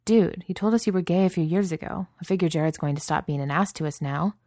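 A woman's voice: lowish voice, fast talker, mellow, dry recording, clean studio sound. A woman reading as an easygoing young man. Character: young man, easygoing, matter-of-fact friend.

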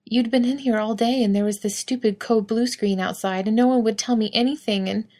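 A woman's voice: fairly high pitch, steady tone, a little fast, darkish tone, pitched above the performer's own voice, natural voice. A woman reading the part of an anxious young man whose voice cracks as he chokes up. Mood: distraught.

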